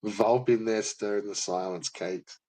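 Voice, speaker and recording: A man's voice: fairly low pitch, steady tone, measured pace, warm tone, rough recording. A man chatting casually online as a co-host, laid-back and sweary. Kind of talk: casual chat.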